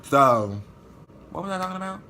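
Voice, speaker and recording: A man telling a story in a vlog, animated and profane, acting out what people said. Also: high voice, moderate pace, a little hiss or hum. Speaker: vlogger.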